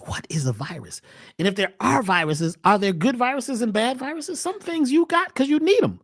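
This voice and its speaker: At a moderate pace, a wellness speaker and host delivers a preachy, slangy monologue, emphatic and full of rhetorical questions. Her pitch and voice swing animatedly, and the studio-quality audio has no echo.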